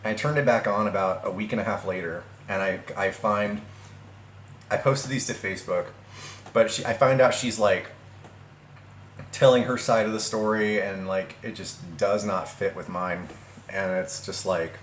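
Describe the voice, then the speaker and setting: A young man recounts a breakup in a casual vlog, his low voice hesitant and full of fillers and restarts. The recording picks up a roomy echo off the walls and a faint hum of ambient noise. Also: steady tone, normal speed. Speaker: vlogger.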